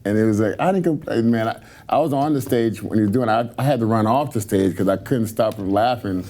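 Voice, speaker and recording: Male panel guest, mellow low tone, chatty and laughing. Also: quick pace. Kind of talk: casual storytelling on a talk show.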